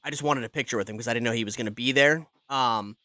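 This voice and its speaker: A man's voice: medium pitch, quick pace, sharp tone, no room sound, clean studio sound. A man co-hosting a horror podcast, telling a celebrity anecdote in casual, swearing chat. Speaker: podcast host.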